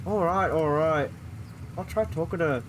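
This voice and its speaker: A woman voicing a mild, easygoing middle-aged father who tries to smooth things over. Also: sits low, normal speed, slight background noise, lightly acted. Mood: placating. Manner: placating, easygoing. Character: mild-mannered joking middle-aged dad.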